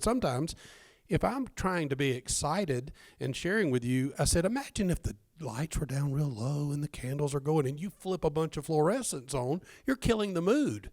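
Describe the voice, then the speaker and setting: Excitable joking man on a panel. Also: medium pitch. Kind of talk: casual panel talk.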